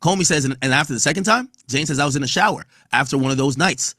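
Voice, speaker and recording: Husky-voiced man, blunt podcast host. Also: fairly high pitch, fast, pushed and bright, no echo, clean studio sound. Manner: blunt, profane, reads quotes aloud and riffs on them. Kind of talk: casual commentary reading court testimony.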